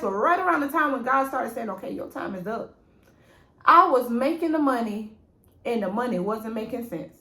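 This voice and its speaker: Animated woman giving a faith testimony. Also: fairly high pitch, normal speed, roomy sound. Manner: animated and preachy, addresses viewers as "y'all" and "baby". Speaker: vlogger sharing a faith testimony. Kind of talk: casual spoken testimony. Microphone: phone propped up.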